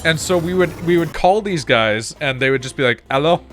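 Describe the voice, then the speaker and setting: A man's voice: on the high side, expressive, moderate pace, fairly bright tone, soft background music. Chatty, laughing male gaming streamer. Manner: chatty and laughing, swears freely while telling anecdotes. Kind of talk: casual gameplay commentary.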